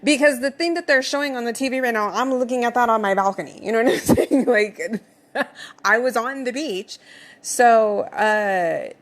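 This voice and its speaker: A young adult woman hosting a podcast, telling a personal story in a casual, animated way, swearing now and then and laughing through it. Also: a little high, normal speed. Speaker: podcast host.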